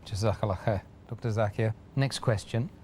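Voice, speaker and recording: A man's voice: fairly low pitch, moderate pace, darkish tone, a little hiss or hum. A man hosting an interview, politely thanking his guest and reading out audience questions. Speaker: host.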